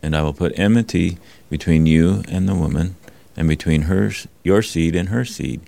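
A man in a class reading a scripture passage aloud, with a gravelly voice. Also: deep voice, moderate pace, dark tone. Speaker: student.

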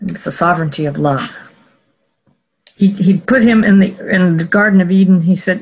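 A Bible teacher working through scripture in a careful, explanatory teaching talk. The speaker goes step by step, pausing to correct and rephrase mid-sentence. The voice sits at a middle pitch. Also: husky, muffled recording. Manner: measured and explanatory, with frequent self-corrections.

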